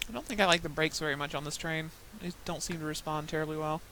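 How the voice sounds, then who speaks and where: A young woman chats casually while gaming, drifting from anecdote to anecdote and laughing often. Her voice is bright and forward. She talks loosely, with restarts and asides. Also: sits low, fast talker, a little hiss or hum, rough recording. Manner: rambling storytelling, frequent laughs. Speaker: gaming podcaster. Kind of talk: casual chat while playing a game.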